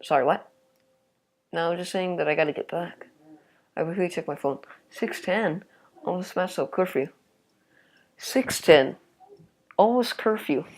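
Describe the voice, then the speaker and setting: A woman's voice: lowish voice, brisk, long pauses, a little mellow. A woman playing a story game, reading its text aloud and adding casual reactions and swearing. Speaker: let's play gamer.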